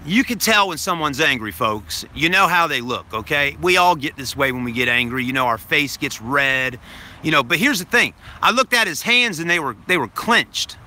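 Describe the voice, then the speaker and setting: A man's voice: fairly high pitch, lively intonation, moderate pace, pushed and bright. A man telling a story to his live stream viewers in a casual, rambling way, repeating himself, swearing now and then, and addressing them as folks.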